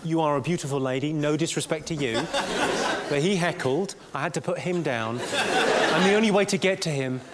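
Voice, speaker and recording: A man doing stand-up crowd work, firing off deadpan put-downs at hecklers. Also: fairly high pitch, moderate pace, very noisy. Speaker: stand-up comedian. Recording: live theatre show, loud crowd laughter. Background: audience laughing and applauding.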